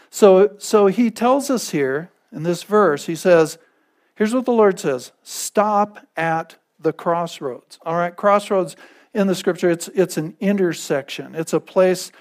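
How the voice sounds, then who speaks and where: Man preaching in a fairly high voice. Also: darkish tone. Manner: conversational preaching, repeating phrases and checking in with the audience. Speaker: pastor. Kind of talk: sermon.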